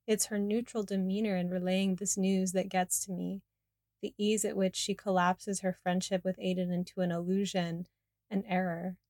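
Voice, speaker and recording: A woman's voice: mid-range voice, flat delivery, normal speed, darkish tone, no room sound, studio quality. Candid woman narrating a memoir. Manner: candid, confessional. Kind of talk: first-person memoir narration.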